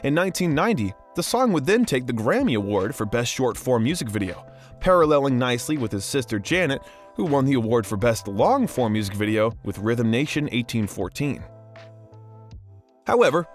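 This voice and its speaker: A man reading a scripted documentary narration as the channel's host, in a polished voice-over delivery. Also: medium pitch.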